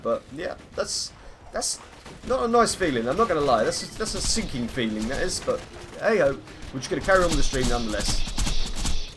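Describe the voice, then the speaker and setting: A young man streaming a game live, chatting in a rambling, self-mocking way and greeting viewers by name. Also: mid-range voice. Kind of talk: casual live-stream gaming chat.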